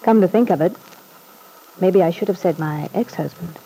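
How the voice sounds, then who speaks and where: A woman's voice: fairly low pitch, normal speed, gravelly, dark tone, a little hiss or hum, rough recording. An actress playing a wry, self-deprecating young mother in a vintage radio soap. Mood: weary.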